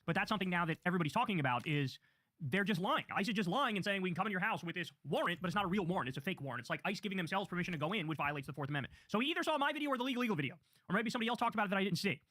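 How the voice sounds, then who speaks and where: Brief: male reaction host, high, very fast, sarcastic, dry close mic. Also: expressive, pushed and bright, dry recording. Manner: fast, sarcastic, talks to viewers directly. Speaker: political commentary host. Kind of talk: reaction commentary on clips.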